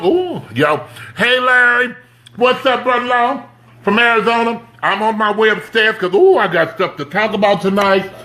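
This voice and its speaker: Against slight background noise, a man with a high voice hosts a casual livestream indoors at home. He's chatty, greeting viewers by name and urging them to share the stream.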